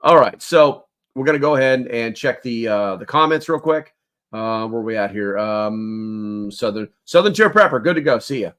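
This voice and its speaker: A man's voice: mid-range voice, expressive, moderate pace, fairly bright tone. A man hosting a prepper news show, giving blunt, wry, rambling commentary with the odd curse word. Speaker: host of a prepper news channel.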